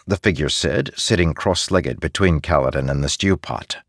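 A man narrating a fantasy audiobook in a measured, expressive way. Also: rumbling low, dry recording, clean studio sound. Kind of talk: scripted narration.

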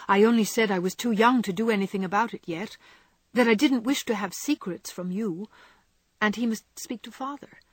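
A woman voicing a gentle young woman who speaks in a pleading, distressed way. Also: medium pitch, normal speed, dry recording, natural voice. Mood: ashamed.

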